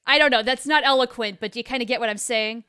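A woman's voice: a little high, fast talker, pushed and bright, clean tone, dry recording, studio quality. A woman co-hosting a podcast, chatting casually and agreeing enthusiastically. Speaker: podcast co-host. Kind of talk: casual fan chat.

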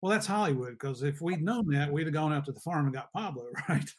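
A man speaking as an interview guest over a video call, telling stories in a lively way. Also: on the high side, brisk. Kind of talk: casual interview talk.

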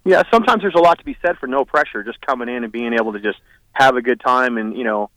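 A man's voice: mid-range voice, fast, fairly bright tone, no room sound, rough recording. Hesitant man, radio guest. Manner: hesitant, full of "you know" and "uh". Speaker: guest, dirt track business owner. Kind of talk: casual radio interview.

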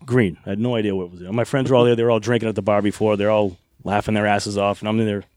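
A man's voice: lowish voice, fairly even intonation, racing, darkish tone, no room sound, clean studio sound. A middle-aged man, a former wrestler, rambling through anecdotes in a casual interview with frequent laughs and swearing.

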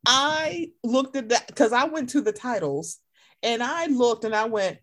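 A woman co-hosting a casual chat, animated and swearing freely as she acts out her own reactions. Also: on the high side, unhurried. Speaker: podcast co-host.

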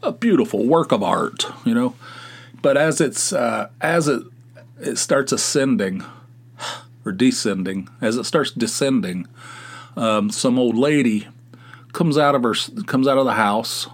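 A middle-aged man hosting a podcast, spinning loose, animated stories from his youth. He rambles and chuckles as he goes, in an unhurried conversational manner. His voice sits at an everyday middle pitch. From West Virginia. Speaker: podcast host. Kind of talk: casual anecdotal storytelling.

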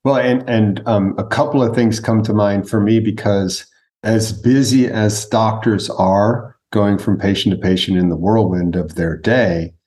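Man, coach and host, fairly low voice, measured and explanatory. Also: fairly even intonation, darkish tone. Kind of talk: podcast conversation.

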